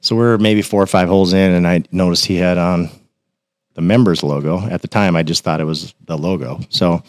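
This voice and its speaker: Podcast guest, man, lower register, animated storyteller, dry close mic. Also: a little fast, dry recording. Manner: animated, acts out quotes in a raised voice. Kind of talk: casual storytelling.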